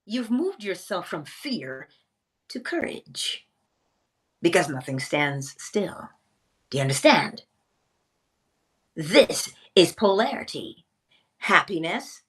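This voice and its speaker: A woman teaching a spiritual lesson in a theatrical way, pausing often and dropping to a whisper for emphasis. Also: fairly low pitch, sing-song, a bit bright, husky.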